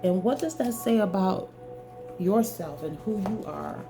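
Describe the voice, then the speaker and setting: A woman's voice: mid-range voice, animated, a little slow, music in the background. A woman giving an earnest, preachy talk straight to the viewer, hammering her points home with repeated emphatic phrases. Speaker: spiritual wellness speaker. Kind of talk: direct-to-camera talk.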